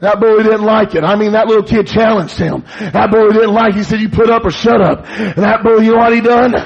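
A man preaching a fiery revival sermon, building to shouts in bursts. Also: sits high, fairly even intonation, fast, vocal fry, husky. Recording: dull lo-fi church recording.

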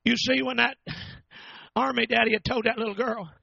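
A man's voice: very high voice, flat delivery, normal speed, gravelly, pushed and bright, breathy edge, dry recording, highs cut off. A man preaching a storytelling sermon, fervent and drawn out.

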